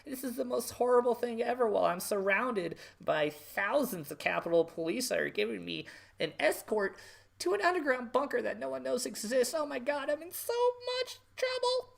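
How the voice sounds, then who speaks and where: Man doing a shrill fake-crying woman. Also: big pitch swings, moderate pace, vocal fry, heavily acted. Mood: mock panic. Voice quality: shrill, whiny, melodramatic. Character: mocking falsetto of a panicky fake-crying woman.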